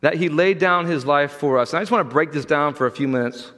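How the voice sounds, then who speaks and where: Male pastor, fairly high voice, earnest sermon delivery, reverberant church hall. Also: fast. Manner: earnest preaching, rising loud for quoted voices, dropping quiet.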